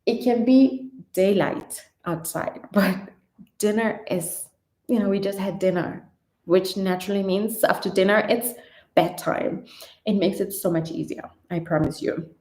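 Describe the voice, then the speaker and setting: A woman vlogger chatting casually through viewer questions, animated, laughing and trailing off now and then. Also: mid-range voice, unhurried, reverberant. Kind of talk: casual Q&A vlog chat.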